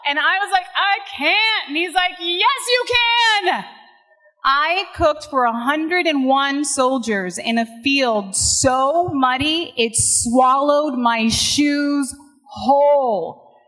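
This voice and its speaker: Bright high-voiced woman speaking in a hall. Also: takes it slowly. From Puerto Rico. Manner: emphatic and emotional, quoting others dramatically. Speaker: motivational speaker. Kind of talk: inspirational stage speech. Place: large hall before an audience. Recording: echoey hall with long reverb.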